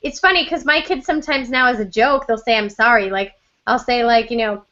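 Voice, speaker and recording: Bright, high-pitched woman chatting. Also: animated, a little fast, dull audio. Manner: chatty, reflective, with frequent fillers. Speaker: host. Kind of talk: casual conversation.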